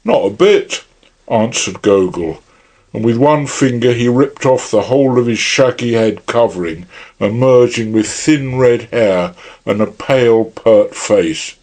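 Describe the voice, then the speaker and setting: A man narrating an audiobook in a measured, unhurried reading style. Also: medium pitch, a little mellow. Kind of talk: scripted narration.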